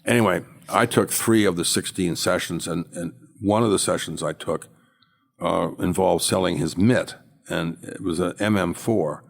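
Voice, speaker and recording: An older man, a former auctioneer, telling animated anecdotes as an interview guest. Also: sits low, moderate pace, gravelly. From United States. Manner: animated storyteller, acts out quotes.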